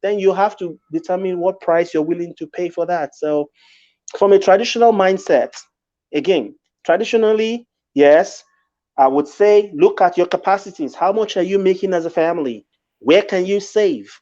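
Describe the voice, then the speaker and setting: A man gives marriage advice in an exhorting, preacher-like way and speaks straight to the listener. His voice sits slightly high. The audio is a little dull and muffled. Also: normal speed, dark tone. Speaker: relationship advice co-host. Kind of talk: casual advice chat.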